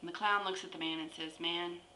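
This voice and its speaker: Woman telling a joke, bright echoey voice. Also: fairly low pitch, fairly even intonation, slight background noise. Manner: storytelling with drawn-out pauses. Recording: echoey room with faint ambience.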